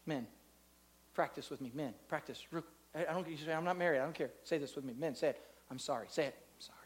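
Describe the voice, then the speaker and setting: In a church, a pastor preaches a sermon to a live congregation in a voice on the high side. He swings between loud, drawn-out preaching and soft, close talk, and he leads the room in call-and-response.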